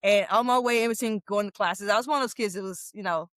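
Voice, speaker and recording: Young woman from Memphis, lively guest storyteller; smooth voice, mid pitch. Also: quick pace, no room sound. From Memphis, USA. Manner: lively storyteller with frequent laughs. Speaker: guest, former football captain. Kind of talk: casual interview talk.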